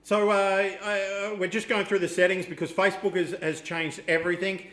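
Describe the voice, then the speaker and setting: An Australian man co-hosting a casual chat show, laid-back and quick with short agreements. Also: high-pitched, little pitch movement, a bit bright, echoey room. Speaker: podcast co-host.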